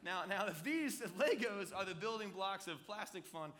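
A man's voice: sits high, normal speed, a little hiss or hum. A man in his thirties, a pastor, giving a conversational sermon with jokes and props. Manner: conversational, joking, animated with props.

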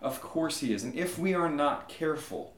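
A man preaching a sermon, animated and conversational, often checking in with a quick "right?". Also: on the high side, reverberant. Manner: animated storytelling, frequent "right?" asides. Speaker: pastor.

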